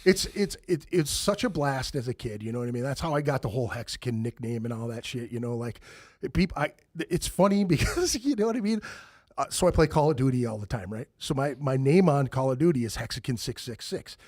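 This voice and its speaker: A man's voice: mid-range voice, lively intonation, fairly quick, darkish tone, dry recording, clean studio sound. A middle-aged man hosting a podcast, telling stories in casual chat, swearing freely and laughing often. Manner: profane, laughing storyteller. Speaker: podcast host.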